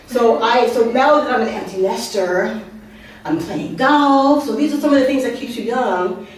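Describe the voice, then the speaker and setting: A woman in her fifties, an author, shares humorous personal stories at an open mic in an art venue, speaking at a moderate pace in a slightly high voice. She's chatty, full of asides and questions for the audience. The room is very echoey, and she sounds distant.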